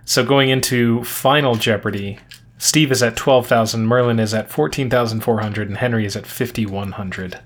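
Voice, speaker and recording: A man co-hosting a casual podcast, relaxed, recapping quiz show clues and scores in detail. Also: mid-range voice. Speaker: podcast co-host.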